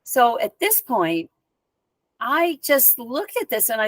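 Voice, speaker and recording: A woman guest in an interview, telling a personal story in a lively conversational way with casual asides. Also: on the high side, slow, no room sound. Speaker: spiritual teacher and guest.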